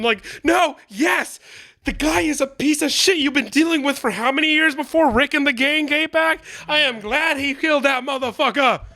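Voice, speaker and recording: A man co-hosting a podcast, talking casually and profanely about TV, acting out quotes loudly. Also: extremely high pitch, moderate pace, no room sound. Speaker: podcast co-host.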